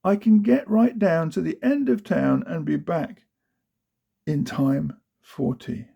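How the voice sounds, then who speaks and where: A man's voice: on the high side, slow, creaky, dark tone, husky, muffled recording, heavily acted. A man voicing a carefree young mother speaking breezily in a storybook reading. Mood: breezy.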